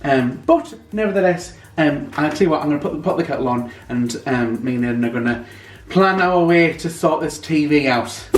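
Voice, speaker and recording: A man's voice: a little high, expressive, moderate pace, hardly any pauses, roomy sound, a little hiss or hum. A young British man chatting casually to camera at home for his vlog, rambling with plenty of ums. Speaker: vlogger. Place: at home, indoors.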